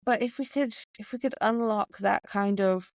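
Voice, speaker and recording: A woman guest, a self-employed coach, talking in an animated way in a conversational interview, with quick bursts of speech. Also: mid-range voice, no room sound.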